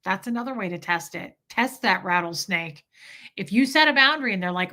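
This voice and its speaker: A woman's voice: mid-range voice, expressive, fairly quick, bright, forceful tone. A woman hosting a casual livestream, chatting candidly and reacting to viewer comments and super chats.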